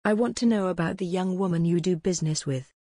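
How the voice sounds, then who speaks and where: Woman reading as a blunt menacing male inspector, lowish husky voice, dry read. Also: fast talker, dark tone, no room sound. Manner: blunt, threatening. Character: gruff rough-born male police inspector.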